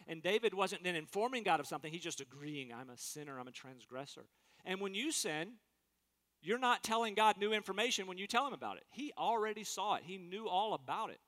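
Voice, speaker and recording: Bright-voiced preacher in a reverberant hall. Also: male voice, high-pitched. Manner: earnest, emphatic preaching with acted-out quotes. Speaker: pastor. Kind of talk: sermon.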